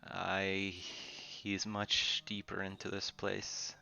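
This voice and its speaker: A man voicing an ancient spirit that lives inside a sword, speaking slowly and quietly in a low, hushed voice. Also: completely flat delivery, vocal fry, heavily acted. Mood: ominous. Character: eerie ancient voice living in a sword. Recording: dull dry lo-fi recording.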